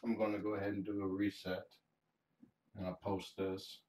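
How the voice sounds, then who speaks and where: Deep-voiced man cooing to a cat, roomy. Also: monotone, normal speed. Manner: soft-spoken, coos fondly to a cat; explains plainly, often restarting phrases. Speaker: cat fosterer streaming live. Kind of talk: casual livestream chat. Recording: roomy sound, mic some distance away.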